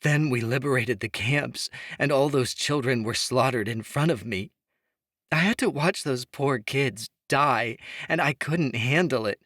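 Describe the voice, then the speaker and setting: A man voicing an angry, grieving young woman in shrill, tearful outbursts. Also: a little slow, a bit bright, no room sound, studio quality.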